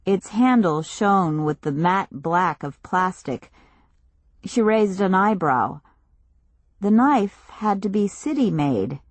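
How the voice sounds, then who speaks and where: A woman with a mid-range voice delivers scripted audiobook narration of a novel, keeping her storytelling calm and even. She sits close to the mic, and the recording is dry.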